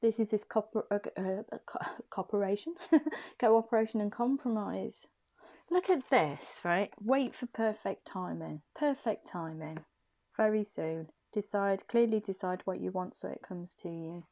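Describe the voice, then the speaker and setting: A woman's voice: mid-range voice, measured pace, creaky, dark tone. A woman giving an intuitive tarot card reading to camera. She talks in a soothing, reassuring way and often repeats her phrases and questions.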